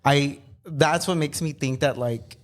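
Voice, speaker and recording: A man's voice: a little high, measured pace. Thoughtful male podcast host. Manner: careful, thoughtful, with soft affirming murmurs. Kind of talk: casual podcast chat. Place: recovery club room in San Francisco.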